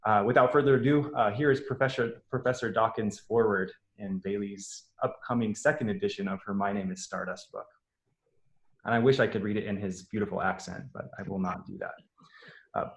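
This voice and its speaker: Man, middle-aged, earnest, relaxed, video call, echoey room. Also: fairly low pitch, brisk. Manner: earnest, relaxed, with frequent fillers. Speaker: parent introducing a young author. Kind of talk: warm reading of a foreword on a video call.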